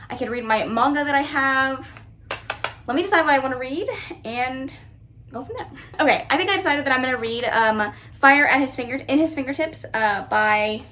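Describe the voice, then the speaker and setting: In a bookshelf-filled bedroom at home, a young woman giggles and chats casually while narrating her vlog as a booktuber. Her voice is on the high side and a bit bright.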